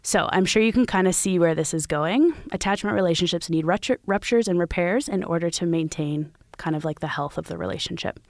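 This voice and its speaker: A woman's voice: lowish voice, fairly quick, few pauses, dry recording, clean studio sound. A woman co-hosting a parenting podcast, explaining ideas in a chatty way with many "you know"s. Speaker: podcast co-host. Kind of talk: casual podcast conversation.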